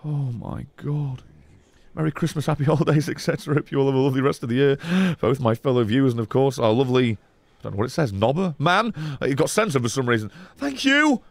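A man, streaming a video game live, excitable and swearing, yelling at the game. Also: mid-range voice, quick pace, creaky, no echo. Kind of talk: live gameplay streaming chat.

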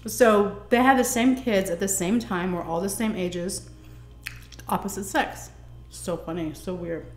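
Faint music plays behind a young American woman's medium-pitched, slightly slow voice, which sounds reverberant. As a vlogger telling a personal story while she eats, she chats animatedly and acts out the dialogue.

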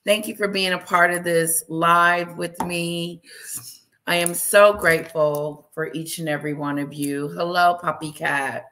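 Slow-talking bubbly woman hosting a livestream. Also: lowish voice, fairly even intonation, pushed and bright. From Wisconsin. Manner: bubbly, greets viewers by name with gasps and laughs. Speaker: livestream host. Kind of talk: casual live chat with viewers.

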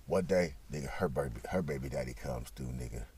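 A man's voice: extremely low pitch, brisk, slightly rough. Profane rambling man telling a story. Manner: rambling, profane, swings from mutters to loud bursts. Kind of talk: crude casual storytelling.

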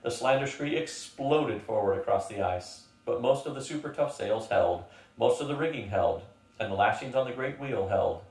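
An older man reading a novel aloud as a steady storyteller. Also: mid-range voice, moderate pace. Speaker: reader. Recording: roomy, from a distance.

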